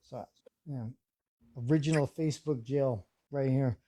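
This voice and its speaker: A man's voice: mid-range voice, a little slow, warm tone. A man in his forties chatting casually on a live stream, telling a story and acting out the voices he quotes.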